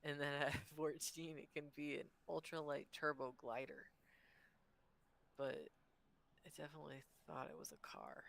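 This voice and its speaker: A man's voice: fairly high pitch, lively intonation, moderate pace, gravelly, fairly bright tone. A man playing a tabletop game who thinks aloud and mutters asides under his breath. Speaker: player. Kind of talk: casual tabletop game talk.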